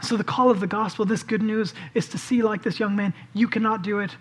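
A man's voice: high voice, steady tone, brisk, slightly rough. A male pastor preaching a sermon with passion, acting out the people in the story as he goes. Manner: impassioned preaching, acts out the voices of the people in the story.

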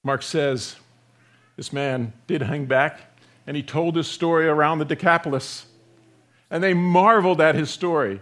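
A man delivers a sermon in a fairly high voice. He builds to loud, emphatic peaks, then drops to a near-hushed softness. His delivery stays conversational and direct throughout. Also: measured pace. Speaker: pastor.

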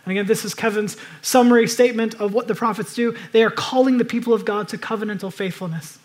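A man preaching a sermon, moving between loud urgent exhortation and hushed, reflective passages. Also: high voice, fairly even intonation, quick pace. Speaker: pastor.

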